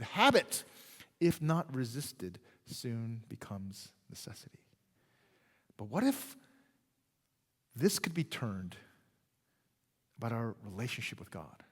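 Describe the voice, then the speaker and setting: A man preaches in a church sanctuary, his voice leaping in pitch and volume from punchy emphasis down to hushed, slowed phrases. He keeps the congregation close with frequent "right?" and "okay?" The sound carries the long reverb of a large hall. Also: breathy edge. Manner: animated preaching, swinging from loud emphasis to quiet, drawn-out phrases; conversational, checks in with "right?" and "okay?". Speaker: pastor. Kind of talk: sermon.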